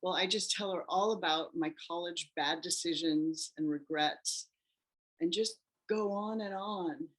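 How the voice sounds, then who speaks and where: A woman being interviewed shares her own story in a lively way, imitating the people she quotes along the way. She speaks at a measured pace in a somewhat low voice.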